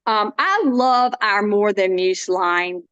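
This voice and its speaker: A woman's voice: mid-range voice, slow pace, fairly bright tone, clear, resonant tone, no echo, highs cut off. A woman, chatting casually and folksily while demonstrating a dish. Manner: chatty, folksy, self-interrupting. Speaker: cooking demo guest.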